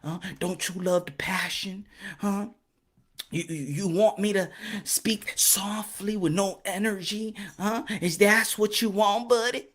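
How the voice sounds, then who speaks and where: A man hosting a boxing channel on a live stream, loud, rowdy and swaggering, who breaks into Spanish. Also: sits high, measured pace.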